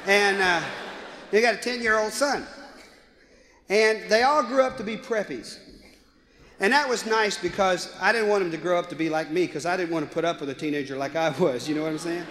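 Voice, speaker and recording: A man doing live stand-up comedy, animated and bursting into shouts, on a 1980s live album with audience laughter. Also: high-pitched, a little fast, long reverb tail. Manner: animated, breaks into shouting and character voices. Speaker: Christian comedian.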